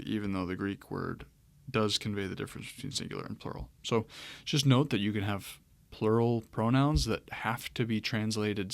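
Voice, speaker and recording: This Greek grammar teacher speaks in a low, gravelly voice, taking his screen-share lecture slowly and easily, one step at a time. His speech is padded with fillers, and the audio sounds close and dry, free of any room echo.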